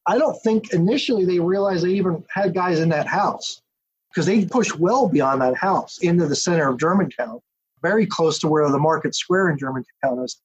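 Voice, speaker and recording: A man, an author and historian, giving a detailed, steady account as a podcast interview guest. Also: high voice, normal speed, a little hiss or hum. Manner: detailed, steady storytelling with asides. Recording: dull lo-fi audio.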